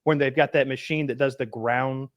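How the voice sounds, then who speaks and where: Dude on a podcast mic, telling stories all animated, swears a lot, middle pitch. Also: male voice, moderate pace, dry recording. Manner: animated storyteller, swears freely. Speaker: podcast host. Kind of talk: casual podcast chat.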